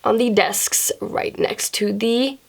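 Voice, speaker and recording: A young woman vlogger telling a casual, profane story from school in a chatty, animated way. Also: on the high side, slow, creaky, husky.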